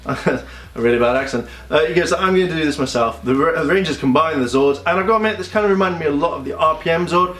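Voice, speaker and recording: A young man talks through his review in a casual, animated way, slipping into quick voices for the scenes. His voice sits a bit high. The room is echoey, with faint music underneath. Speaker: video reviewer.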